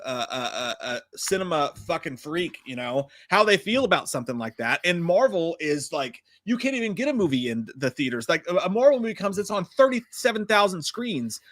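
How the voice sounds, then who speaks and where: Male podcast co-host, excitable and exasperated, high pitch that swoops around. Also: a little fast, few pauses. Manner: animated, exasperated, swearing. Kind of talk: casual profane chat.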